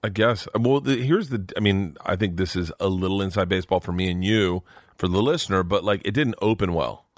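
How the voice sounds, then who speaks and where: A man's voice: sits low, a little fast, no echo, studio quality. A middle-aged man, a comedian guest, telling rambling, profane stories in casual podcast chat. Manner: rambling storyteller, swears freely.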